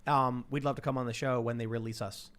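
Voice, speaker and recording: Casting: male show host, mid pitch, casual, reads chats quickly. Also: fairly even intonation, fairly bright tone. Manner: quick, conversational, uses fillers. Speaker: podcast host. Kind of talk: casual chat, reading viewer messages aloud.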